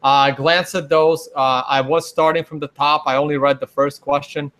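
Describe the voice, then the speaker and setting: Slightly high-voiced male livestream host. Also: level tone, moderate pace, fairly bright tone. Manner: stop-start, repeats himself. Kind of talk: casual livestream panel chat.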